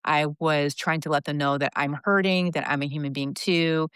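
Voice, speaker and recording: Woman, 50s, podcast guest, confessional storytelling, deep, clean dry sound. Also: normal speed, clean tone, no echo. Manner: earnest, confessional, animated retelling. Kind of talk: candid personal storytelling.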